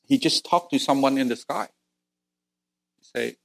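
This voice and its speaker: A middle-aged man from Vietnam preaching a sermon and telling his own story earnestly, his voice climbing high at the tense moments. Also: measured pace, creaky, long pauses, a bit bright. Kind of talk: sermon with personal testimony.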